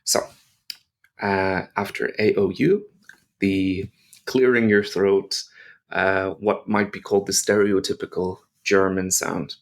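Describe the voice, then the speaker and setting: A man's voice: low-pitched, little pitch movement, takes it slowly, creaky. A man teaching pronunciation to learners, patiently explaining and modelling each sound. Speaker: language teacher.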